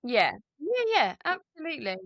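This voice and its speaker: Woman, podcast co-host, encouraging advice, casual chat, slightly high voice, dry sound. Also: huge pitch swings, no room sound. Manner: encouraging, quick supportive advice.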